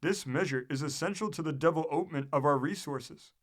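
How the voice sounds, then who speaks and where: A man reading the lines of a fiery, stubborn old general and president, delivered bluntly and with emphasis, in a fairly high voice. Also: fairly quick, a bit bright. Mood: emphatic.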